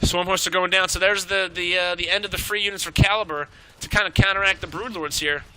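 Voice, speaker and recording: Excitable, high-voiced man shoutcasting live. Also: clean tone, rough recording. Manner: excitable, swearing, rapid reactions. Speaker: esports shoutcaster. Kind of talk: live play-by-play game commentary.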